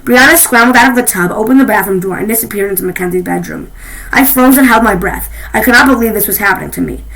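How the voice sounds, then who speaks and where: A woman reading a children's novel aloud, expressive, with frequent restarts. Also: medium pitch, fast talker, low-quality recording. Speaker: reader.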